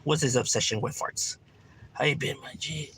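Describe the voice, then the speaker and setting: A man's voice: medium pitch, moderate pace, vocal fry, fairly bright tone, slight background noise. A man, chatting casually and profanely on a livestream from home, peppering his talk with "right?". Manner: laid-back, slangy, profane, keeps asking "right?". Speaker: livestreamer reading chat.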